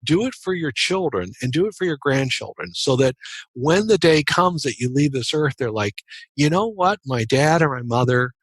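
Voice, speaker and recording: A husky man talks through an interview with a lively, rising and falling pitch, earnest and a little halting. He tells his story in plain conversational style, starting over on words as he goes. The sound is close and dry, with no room around it. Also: no echo. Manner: earnest, often restarts and repeats words. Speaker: podcast guest, author.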